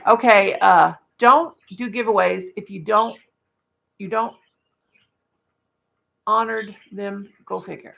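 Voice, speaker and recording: An older woman with a deeply gravelly, crackly voice rambles on in blunt, folksy chat. She talks to her viewers and her pet birds while she counts her crochet stitches aloud. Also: steady tone, takes it slowly, pauses often, a bit bright. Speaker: livestream vlogger.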